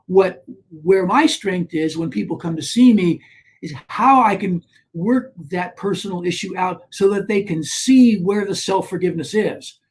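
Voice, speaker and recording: A man, a guest on a talk show, telling a personal story in an animated way, with frequent restarts and rising emphasis. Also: high-pitched, measured pace, breathy edge. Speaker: guest, author on shame.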